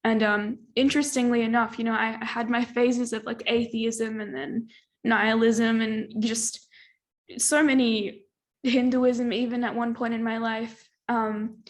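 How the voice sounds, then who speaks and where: Woman guest on a podcast, thoughtful, lots of ums, voice kinda high. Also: little pitch movement, measured pace. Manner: reflective, thoughtful, many fillers. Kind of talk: casual conversation.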